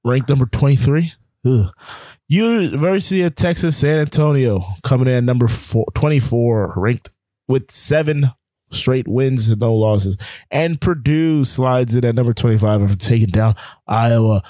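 This co-host of a laid-back sports show has a dark tone at medium pitch and speaks at a moderate pace. He meanders through rankings and scores, padding them with fillers, in a studio-quality recording without echo.

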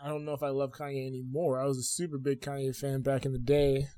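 A man's voice: mid-range voice, flat delivery, quick pace, crowd noise. A man in his twenties, co-host of a podcast, talking candidly in casual banter with fillers and easy laughter. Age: 20s.

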